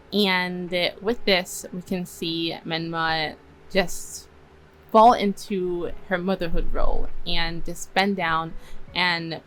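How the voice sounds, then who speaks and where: A young woman with a fairly low voice talks through her rewrite of story scenes in a loose, chatty way. She laughs often and slips into quick bits of dialogue. A faint hiss of room noise sits under her voice. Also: a bit bright, rough recording. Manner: chatty, laughs often, acts out quoted lines. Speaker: story reviewer. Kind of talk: casual story analysis, retelling scenes.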